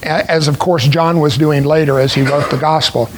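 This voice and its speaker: A man preaching a sermon, explaining a scripture passage in a deliberate way with pauses. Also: fairly high pitch, fairly even intonation, a little hiss or hum, low-quality recording. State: clearing his throat.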